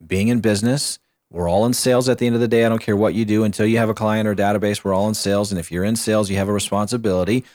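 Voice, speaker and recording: A man's voice: fairly low pitch, steady tone, very fast, a little mellow, no room sound. A man co-hosting a casual studio show, talking in a thoughtful, rambling, motivational way. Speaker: co-host. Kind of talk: casual morning show chat.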